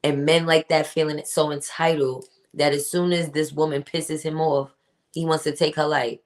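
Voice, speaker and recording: A woman with a deep voice, level tone and normal speed hosts a casual livestream podcast. Chatty and emphatic, she reads out and answers her live chat, greeting viewers by name.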